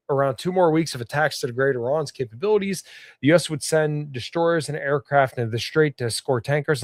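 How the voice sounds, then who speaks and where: A man's voice: medium pitch, no room sound, studio quality. Stuffy-nosed man reading news aloud. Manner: casual, halting reading with restarts and fillers. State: stuffed up, sniffling. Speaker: podcast host.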